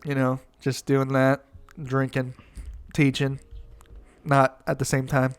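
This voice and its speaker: A man's voice: medium pitch, monotone, takes it slowly. A man co-hosting a casual podcast, explaining in a rambling way with lots of fillers and laughs. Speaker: band teacher and podcast co-host. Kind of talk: casual chat.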